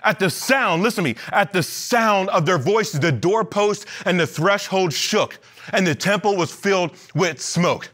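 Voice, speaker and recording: Bright-voiced, high-pitched preaching man. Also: unhurried. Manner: animated preaching with playful asides and acted quotes. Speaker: pastor. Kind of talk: sermon. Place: church sanctuary.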